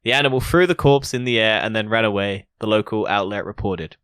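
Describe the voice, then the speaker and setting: A man's voice: fairly low pitch, a little fast, a bit bright, clean tone, no room sound. Guy co-hosting a podcast, laughs a lot, rambly, dry close mic sound. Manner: laughs often, loose and rambling. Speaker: podcast co-host. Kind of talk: casual podcast chat.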